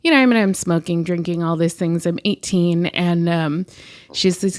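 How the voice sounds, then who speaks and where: A woman's voice: on the low side, normal speed. Candid woman sharing her testimony. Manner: open, frequent laughs and fillers. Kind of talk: candid personal testimony in conversation. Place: studio interview in Fresno.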